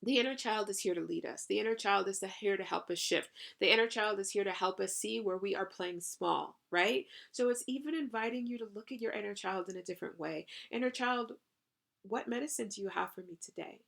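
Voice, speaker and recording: Effusive woman hosting a spiritual podcast, slightly creaky. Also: mid-range voice, a little fast, fairly bright tone. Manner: effusive, swears casually, frequent "you know" and "right?". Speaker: podcast host and spiritual coach. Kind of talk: channeled spiritual podcast monologue.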